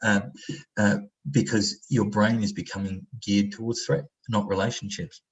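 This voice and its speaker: A man facilitates an online training workshop in a conversational style, using lots of fillers and acting out example voices. His voice is on the low side with fairly even intonation and a slightly slow pace, captured in a low-quality recording.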